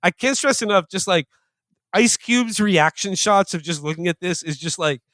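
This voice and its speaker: A man hosting a comedy podcast, reviewing a movie in casual chat with animated, mock-panicked impressions. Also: high voice, moderate pace, no room sound. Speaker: podcast host.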